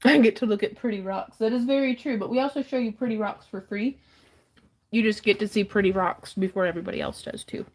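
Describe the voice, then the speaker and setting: A woman's voice: mid-range voice, fast. Woman host, chatty and giggly, pokes fun at herself. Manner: giggly, self-deprecating, chatty. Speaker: host of a live jewelry auction stream. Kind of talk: casual live-stream chat.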